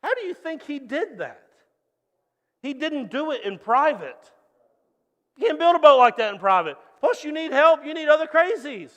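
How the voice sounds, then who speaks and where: Male pastor, higher register, lively storyteller sermon, hall echo. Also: moderate pace. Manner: animated storytelling with acted-out voices.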